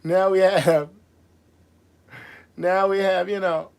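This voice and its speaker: A man who performs as a drag MC, hosting a casual livestream from Las Vegas, reading out viewer comments and answering them in an animated, sassy way. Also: sits high, slow pace, creaky, smooth. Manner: animated and sassy, calls viewers girl and boo, frequent laughs.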